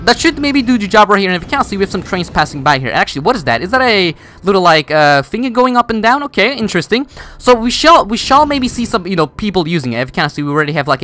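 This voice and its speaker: A man's voice: high voice, bright, forceful tone. A man giving casual gameplay commentary, rambling with many fillers and restarts while he builds. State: voice cracks. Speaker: gaming YouTuber.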